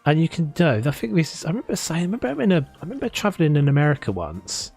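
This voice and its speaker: A gaming streamer chats casually while playing a building game, rambling and restarting often, with faint music behind him. His fairly high voice is sing-song and very fast, with a creaky, breathy edge and a darkish tone.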